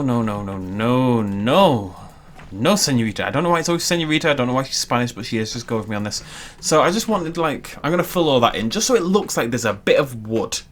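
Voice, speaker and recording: A man's voice: medium pitch, fairly bright tone. Chatty man narrating gameplay. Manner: chatty, self-deprecating, jokey asides. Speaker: gaming YouTuber. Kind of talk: casual let's-play commentary.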